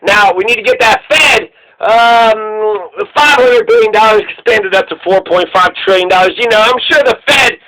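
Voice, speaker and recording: A man's voice: sits high, normal speed, sharp tone, low-quality recording. A man delivering a sarcastic, profane political rant, rambling and mocking, sometimes acting out both sides of a mock exchange. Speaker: political commentator.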